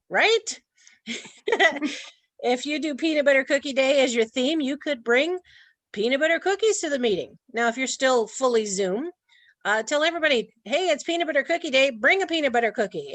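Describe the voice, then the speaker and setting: A woman's voice: fairly high pitch, a bit bright, dry recording. A woman presenting an online training talk in a chatty way, laughing often. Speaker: workshop presenter.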